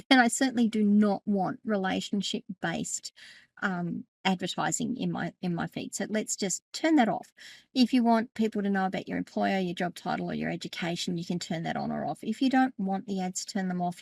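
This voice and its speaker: In a screen-share tutorial, a middle-aged tech educator and podcast host chats her way through some settings, correcting herself and laughing often. Her voice is on the low side and creaky, recorded without echo.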